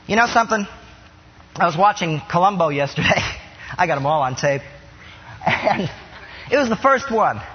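A man preaching a sermon, acting out bits of inner dialogue with animated delivery. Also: very high-pitched, breathy edge, big-room sound, dull audio. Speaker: pastor.

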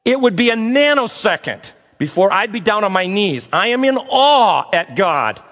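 A man with a high, bright-toned voice delivers a lively sermon, slipping into acted-out dialogue as he tells his stories. His words ring with the long reverb of a big hall in front of a live audience. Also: moderate pace. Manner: animated, acts out dialogue, talks to the audience. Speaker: preacher. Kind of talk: sermon with storytelling.

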